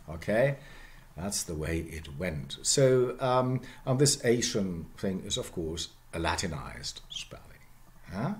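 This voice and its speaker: A man's voice: sits low, sing-song, slow. A middle-aged man giving a university lecture, repeating example words over and over and checking in with "yeah?" and "okay?".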